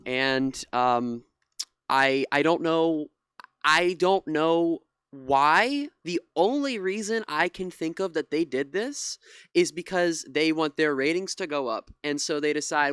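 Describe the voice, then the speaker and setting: An indignant young commentator reacts to a clip. The voice is smooth and clear, recorded close and dry. Frustration spills into restarts and the odd curse. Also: medium pitch, animated, moderate pace, fairly bright tone, no echo. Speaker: political commentary YouTuber.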